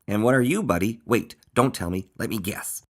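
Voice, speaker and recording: A man's voice: fairly low pitch, normal speed, pitched above the performer's own voice, natural voice. A man voicing a boastful pirate-playing hedgehog. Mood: playful. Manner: bold, theatrical, bellowing orders. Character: playful boastful hedgehog, male, make-believe pirate.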